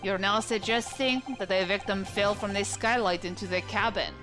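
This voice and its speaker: A woman's voice: mid-range voice, fairly even intonation, moderate pace, pitched below the performer's own voice, close to an everyday voice. Woman doing a sneering haughty prosecutor. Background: game music.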